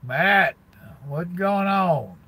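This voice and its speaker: An older man with a gravelly, crackly edge and a bright, forward tone, drawling casually. He talks from his truck cab like he's catching up with old friends, greeting people by name. His voice sits a touch higher than you'd expect. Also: animated, extremely slow. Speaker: truck driver live-streamer. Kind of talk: casual live stream chat with viewers.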